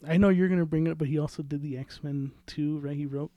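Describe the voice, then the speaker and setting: A man with a fairly high voice hosts a podcast in loose, casual chat. He talks excitably and swears freely as he gets into the conversation. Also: quick pace, dry recording, muffled recording. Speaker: podcast host.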